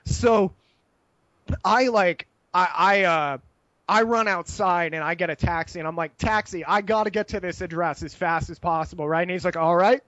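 High-voiced young man, loose and profane raconteur, dry slightly muffled sound. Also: normal speed, no room sound. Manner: animated, profane, laughs while telling stories. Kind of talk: casual storytelling chat.

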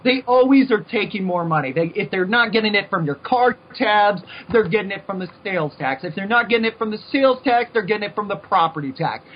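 An American man hosting a podcast launches into a heated, repetitive rant of opinions, stumbling and restarting. His voice sits high with a breathy edge, and the recording is dull and lo-fi.

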